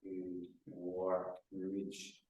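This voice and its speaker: Man, exercise coach, slow unhurried delivery, calm cueing, very echoey room, mic far away. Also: low-pitched. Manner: calm cueing, counting down reps. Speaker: running rehab coach. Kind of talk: guided exercise class.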